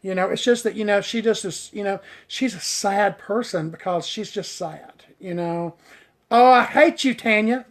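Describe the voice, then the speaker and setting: A man's voice: sits high, steady tone, moderate pace, hardly any pauses. A man working as a hairstylist, chatting casually on a live stream and answering viewer comments, rambling enthusiastically with lots of filler words and getting tongue-tied on hard words. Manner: rambling, heavy on "you know" fillers, enthusiastic.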